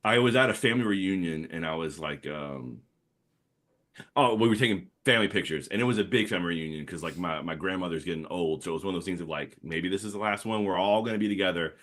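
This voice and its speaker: A man's voice: sits low, fast talker. A man in his thirties with a New Orleans Yat accent, telling stories in casual podcast chat with lots of fillers. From New Orleans area. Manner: rambling, animated storytelling with many fillers. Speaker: comics artist guest.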